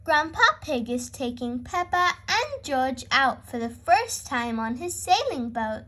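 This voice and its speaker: A woman reads a picture book aloud to young children as the host. Her voice is high and very animated, rising and falling with each line. She keeps the pace slow and clear. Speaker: storyteller. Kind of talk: children's read-aloud narration.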